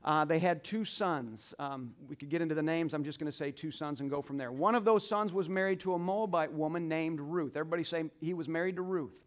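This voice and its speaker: A male pastor preaching a sermon to a congregation, leading call-and-response, swinging between quiet asides and loud exclamations. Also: fairly high pitch, a little fast, hardly any pauses. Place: church sanctuary.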